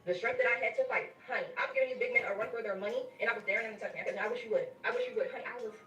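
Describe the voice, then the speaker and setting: Woman, casual storyteller, rapid chatty delivery, sounds a bit distant in a roomy space. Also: a little high, slight background noise. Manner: animated, conversational, addresses listeners directly.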